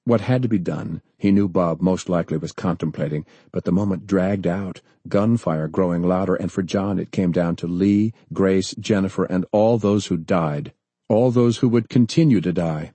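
A man narrating a story in a measured, steady way. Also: low voice, husky, dry recording. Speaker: audiobook narrator. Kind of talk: scripted narration.

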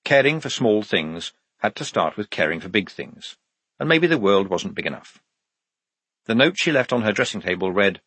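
A man narrating an audiobook in an expressive storytelling manner. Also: on the low side, normal speed, husky, no echo.

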